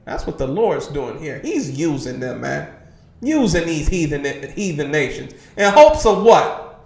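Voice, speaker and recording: A man with a notably high voice leads a streamed religious class in a forceful preaching style. He drives each point home and keeps asking his listeners if they understand. His voice rings around an echoey room. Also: big pitch swings, a little slow, gravelly. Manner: emphatic, constantly asks "you understand?" and says "man". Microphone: livestream computer mic.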